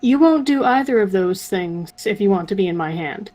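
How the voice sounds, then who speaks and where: A woman at a tabletop game, speaking in a measured, polite way. Her voice sits at an average pitch for a woman. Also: animated, a little mellow, low-quality recording. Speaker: player. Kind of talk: casual chat in a tabletop game.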